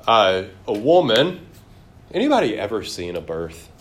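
In a room, a Bible study teacher leads an interactive class, putting questions to the group and reading scripture aloud. His fairly low voice has big pitch swings and a slightly slow pace.

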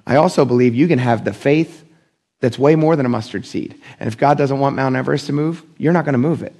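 Gravelly-voiced animated male preacher. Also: medium pitch, fairly quick. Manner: conversational and animated, acting out quoted voices. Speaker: pastor. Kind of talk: sermon.

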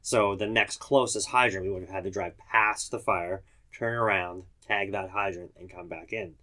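A man's voice: low-pitched, steady tone, normal speed, sharp tone. A man, a firefighter, recounting a call in casual chat, matter-of-fact and detailed.

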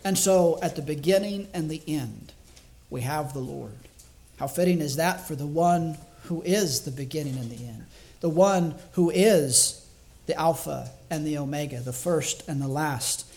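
Slightly high-voiced man preaching a sermon. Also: darkish tone. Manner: reflective and measured, slowing down to stress key words; thinks aloud with small restarts. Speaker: evangelist preaching to a congregation.

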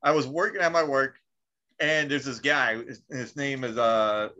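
Man co-host, bright forceful tone, loose and profane, dull lo-fi recording. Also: medium pitch, fairly even intonation, measured pace. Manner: swearing, laughing, acts out quotes. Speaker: podcast co-host. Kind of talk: casual chat. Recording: dull lo-fi sound.

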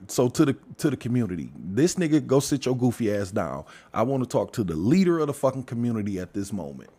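A man giving a profane, heated casual rant, swinging from loud outbursts to low muttering. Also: husky. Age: adult father. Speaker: commentator.

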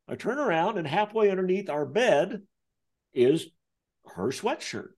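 A man telling a personal story as an interview guest, acting out the voices of the people in it. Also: moderate pace. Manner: acts out quoted voices, lively pitch. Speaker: author and guest. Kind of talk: animated storytelling.

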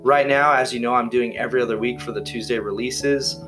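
A young man hosting a casual podcast, relaxed and easygoing, asking friendly questions and laughing easily. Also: medium pitch, a little fast, music in the background. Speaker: podcast host.

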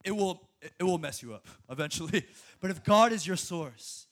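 A young man preaching a sermon in an animated way, laughing often and repeating words when excited. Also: high-pitched, moderate pace.

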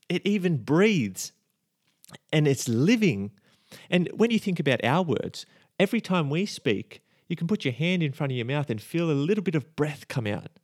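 A man's voice: a little high, no echo, studio quality. A young man hosting a devotional podcast, talking earnestly and conversationally and asking his listeners many rhetorical questions. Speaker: podcast host and high school teacher.

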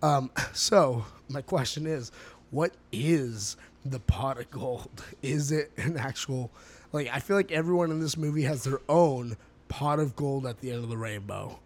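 A man co-hosts a casual podcast about a film. He rambles through his notes with frequent fillers, pauses and laughter, in an easygoing, offhand way. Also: mid-range voice, darkish tone. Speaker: podcast co-host. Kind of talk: casual movie review chat.

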